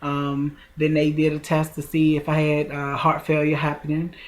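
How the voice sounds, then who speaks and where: A woman's voice: low-pitched, monotone. A woman in her forties telling a personal story in a casual vlog, chatty and talking straight to her viewers. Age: 40s. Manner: chatty, addresses viewers directly, drawn-out emotional retelling. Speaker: vlogger.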